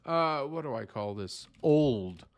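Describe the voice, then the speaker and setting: A man's voice: mid-range voice, expressive, slow. A man streaming his game development work, musing aloud to himself in a casual, self-mocking way. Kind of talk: casual livestream talk to himself.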